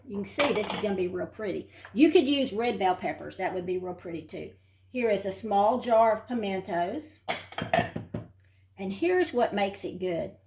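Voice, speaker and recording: A woman's voice: medium pitch, very noisy. An older woman from Texas giving a chatty, homey tour of her house and showing a recipe in her kitchen. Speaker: home cook and host. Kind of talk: casual home tour and cooking demo. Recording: roomy sound from off-mic.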